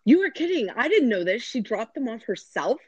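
A woman in casual chat, expressive and quick to laugh and react. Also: on the high side, slightly rough, dry recording. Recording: dry dull lo-fi audio.

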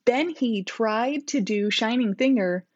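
A woman reads her childhood fanfiction aloud, amused and laughing at her own writing. Her voice sits fairly high. The recording sounds dull and lo-fi. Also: slow pace, dry recording. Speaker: podcast co-host.

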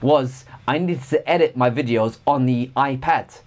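A man's voice: mid-range voice, moderate pace, a little mellow. Opinionated man ranting about tech. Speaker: co-host. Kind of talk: casual chat.

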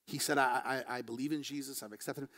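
A man preaching a sermon as pastor, moving between quiet, slow passages and quick, raised emphatic bursts. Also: mid-range voice, fairly even intonation. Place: church.

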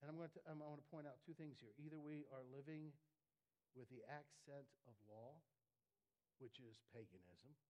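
A male pastor preaching a conversational sermon, often repeating and restarting words and building to loud emphatic peaks. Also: fairly high pitch, normal speed, low-quality recording.

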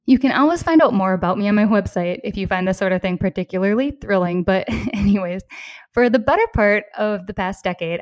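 A woman in her thirties with a Minnesota accent talks through her solo podcast in a friendly, upbeat way, with small laughs between phrases. Her voice sits at an ordinary middle pitch and sounds close and dry, with no room around it. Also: a little mellow, dry recording. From southeastern Minnesota, US. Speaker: podcast host.

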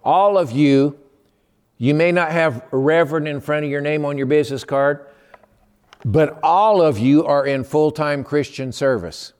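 A man preaching a sermon as pastor, telling stories with lively acted-out voices. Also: measured pace. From Texas. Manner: animated storyteller, acts out a phone call in a high excited voice. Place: church sanctuary. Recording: long hall reverb.

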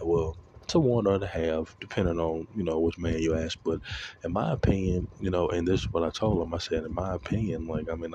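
A man's voice: deep voice, a little mellow, slight background noise. A man telling a story in a casual, rambling monologue, with lots of swearing and fillers. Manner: rambling, profane, heavy with fillers. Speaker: vlogger.

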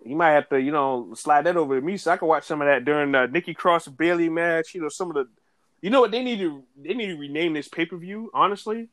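A man co-hosting a casual wrestling podcast, talking in animated slang and laughing often. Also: a little high, quick pace, dry recording. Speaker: podcast co-host.

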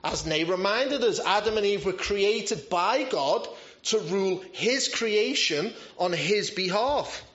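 A man's voice: sits high, expressive, slow pace, few pauses, fairly bright tone. A man preaching a sermon in a conversational way, with self-deprecating humor. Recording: roomy, slightly dull church recording.

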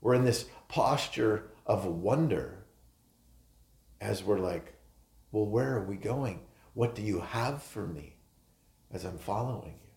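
A man preaching a sermon as pastor, earnest, stressing key phrases and then letting his sentences fall soft. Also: on the low side, animated, slow, creaky, pauses often. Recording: roomy echo.

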